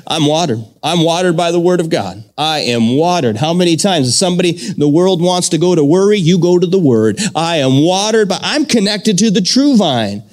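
A pastor delivers a fervent sermon, his fairly high voice climbing into loud declarations. He leans on repetition and asks his listeners to speak lines back to him. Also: moderate pace, hardly any pauses. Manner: fervent preaching with repetition and call-and-response.

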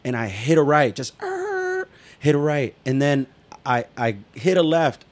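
With a fairly high voice and an unhurried pace, a man co-hosts a casual talk show. He tells an animated story laced with swearing, acting out the quoted lines.

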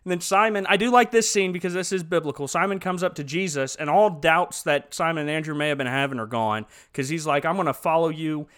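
Joking high-voiced male host. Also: fast talker, hardly any pauses, clean tone. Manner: joking, sarcastic, animated. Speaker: podcast host. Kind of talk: casual chat recapping a film.

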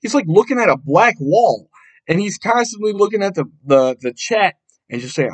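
A young man hosting a casual solo podcast, ranting with a lot of profanity and an exasperated tone, and jumping up into shouts. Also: on the high side, lively intonation, a little fast, low-quality recording. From Buffalo, New York area. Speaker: podcast host.

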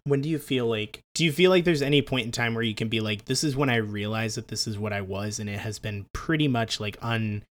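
A man's voice: lowish voice, brisk, hardly any pauses. A man co-hosting a podcast in casual chat, laughing often and swearing freely as he rambles along. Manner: animated, rambling. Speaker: podcast co-host.

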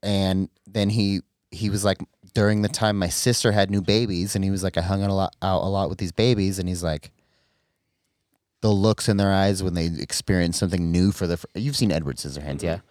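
A man co-hosting a casual podcast chat, excitable and swearing a lot, his voice jumping up when he gets worked up. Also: sits low, brisk, no echo, studio quality. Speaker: podcast co-host.

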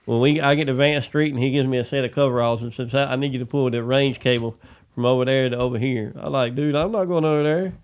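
A man, telling a rambling work story in casual chat, animated and swearing freely. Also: medium pitch, fast talker. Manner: animated, swears freely, says "dude" a lot.

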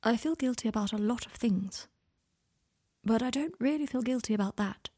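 A woman reading aloud, voicing a tender fatherly man who speaks softly and openly. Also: normal speed, slightly rough. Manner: soft, low-key, confiding. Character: gentle male parental figure, tender and open.

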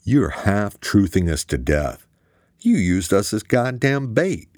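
A man's voice: low voice, very animated, moderate pace, darkish tone, no echo, clean studio sound, pitched above the performer's own voice. A man voicing an angry, blunt young man hurling accusations in an audiobook.

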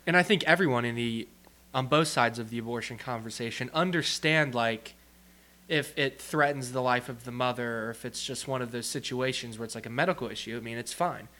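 A man's voice: mid-range voice, brisk, sharp tone. Young man, podcast co-host, casual chat, opinionated and rambling, mid-range voice. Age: young adult.

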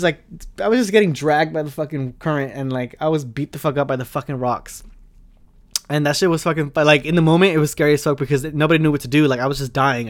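A young man from Arizona, a podcast host telling a funny story in a rambling, profane, dramatic way. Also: fairly high pitch. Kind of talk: casual storytelling.

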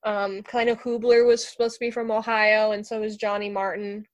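A woman's voice: medium pitch, flat delivery, a little fast, lo-fi sound. A woman chatting casually as a podcast co-host, hesitant and full of fillers.

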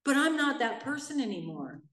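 A middle-aged woman, main speaker at a recovery meeting, telling her own story in a blunt, animated way and acting out the voices of people she quotes. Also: high voice, brisk. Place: meeting room in a church. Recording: roomy sound, mic at a distance.

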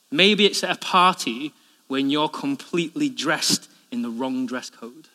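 A young man preaching a sermon, telling stories with lively acted-out dialogue. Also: fairly high pitch. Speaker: pastor. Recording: long hall reverb.

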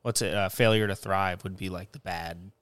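A man's voice: low voice, steady tone, moderate pace, a bit bright, clear, resonant tone, no echo. A young man co-hosting a casual podcast, bantering loosely and swearing often. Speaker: podcast co-host, new father. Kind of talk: casual chat.

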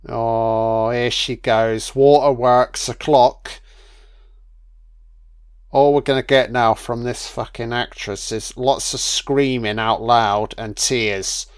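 A man's voice: mid-range voice, steady tone, takes it slowly, clear, resonant tone. A man giving profane, sardonic film commentary, full of swearing and mocking asides on a close microphone.

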